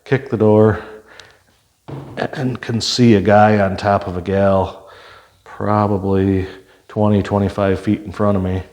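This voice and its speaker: A man's voice: on the low side, flat delivery, measured pace, pauses often, a little mellow. An older man, a retired police officer, telling stories from his career in a plain-spoken way, with many fillers and restarts. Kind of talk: conversational storytelling.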